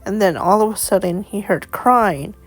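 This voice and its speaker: A woman's voice: mid-range voice, faint music behind, low-quality recording. A woman telling a storybook tale dramatically, often correcting herself as she goes. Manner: slow, self-correcting, dramatic. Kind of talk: emotional storybook narration.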